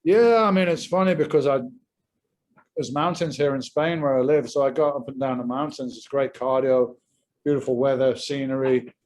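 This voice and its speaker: Man, guest on a casual interview; relaxed, measured, a few fillers, mid-pitched voice. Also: poor audio. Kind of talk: casual video-call interview.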